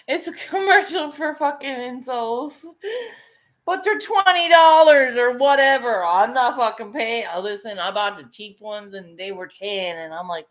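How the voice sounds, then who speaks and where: A woman's voice: on the high side, unhurried. A middle-aged woman chatting casually while she paints, swearing freely and laughing often. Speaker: painting vlogger.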